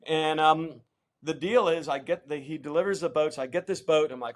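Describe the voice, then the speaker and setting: A middle-aged man from the United States spins a story in a relaxed interview, his voice sitting a little high for a man. He drops into quick mimicry of the people he quotes and keeps the tale rolling with casual fillers. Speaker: interview guest, champion kayaker.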